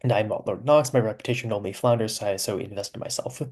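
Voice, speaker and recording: A man's voice: fairly low pitch, fast talker, darkish tone. Amused man chatting through commentary. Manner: chatty and amused, laughs often, aside-heavy explaining. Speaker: author giving commentary on his own serialized story. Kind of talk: casual commentary.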